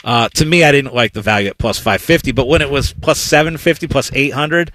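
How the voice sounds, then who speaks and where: Bright-voiced man, animated storyteller. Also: mid-range voice, a little fast. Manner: animated storyteller, laughs often. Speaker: sports betting show co-host. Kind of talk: casual chat.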